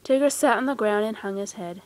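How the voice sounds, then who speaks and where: A woman gently and expressively reading a children's storybook aloud. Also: mid-range voice, brisk, no echo. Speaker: storybook reader.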